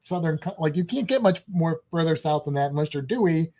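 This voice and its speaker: A man's voice: fairly high pitch, lively intonation, fairly quick, mellow. Casting: male co-host, rambling and jokey, casual live-stream talk. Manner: rambling, jokey, reads chat aloud. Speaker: podcast co-host.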